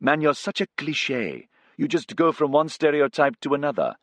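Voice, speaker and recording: A man voicing a friendly, good-humoured male Afghan co-pilot who jokes gently. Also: a little high, sing-song, moderate pace, no echo, pitched above the performer's own voice. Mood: amused. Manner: gentle, grinning, easygoing.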